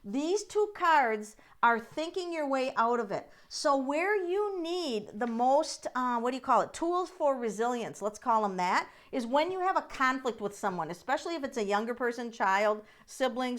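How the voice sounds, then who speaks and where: A woman's voice: a little high, a bit bright. A middle-aged woman hosting a live tarot reading stream, chatting in an encouraging way and addressing viewers by name. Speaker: tarot reader and livestream host.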